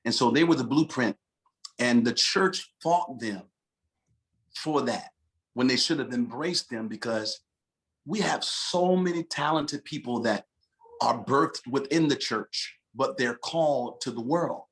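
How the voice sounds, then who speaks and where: A man's voice: medium pitch, a little slow. A man from Detroit, a gospel singer and pastor, telling stories in a casual podcast chat and saying "man" a lot. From Detroit, USA. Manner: animated storyteller, peppers speech with "man". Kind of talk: casual conversation.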